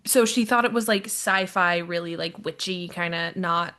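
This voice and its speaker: A young woman co-hosting a podcast in a casual chat, telling an animated story and acting out her friend's lines. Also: on the low side, moderate pace. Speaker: podcast co-host.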